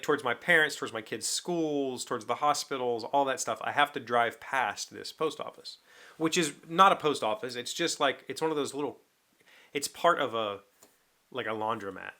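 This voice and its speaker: A man's voice: mid-range voice, pushed and bright. A middle-aged man hosting his own show, chatting casually to camera and telling a story, acting out both sides of a phone call. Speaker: vlog host.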